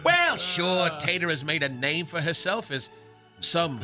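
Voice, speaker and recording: Male radio host, snarky mock-drama roast, high, slow delivery over music. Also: big pitch swings. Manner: theatrical and snarky, chuckling through lines. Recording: music bed behind.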